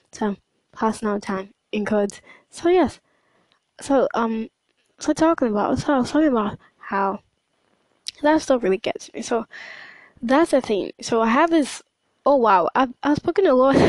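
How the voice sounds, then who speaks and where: A woman's voice: fairly high pitch, no room sound, poor audio. A young woman talking casually in a hesitant monologue, full of fillers and restarts. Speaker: podcast host.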